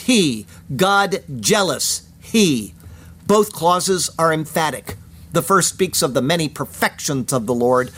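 A man with a slightly high voice delivers a careful verse-by-verse sermon. He reads Hebrew phrases and then explains them, leaning hard on key words. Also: fairly bright tone. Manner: measured, explanatory, stresses single words. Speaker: pastor.

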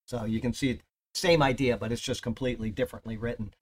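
A man's voice: medium pitch, steady tone, fast talker. Man teaching a casual Bible study sermon. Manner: conversational, reads scripture aloud with emphatic rises; jokes with listeners between verses. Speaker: pastor.

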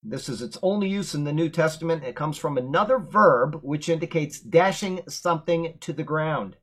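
A man teaching a Bible lesson, explaining words verse by verse and drifting into relaxed, chatty tangents. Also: fairly high pitch, normal speed, husky, poor audio. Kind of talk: verse-by-verse Bible commentary with casual asides.

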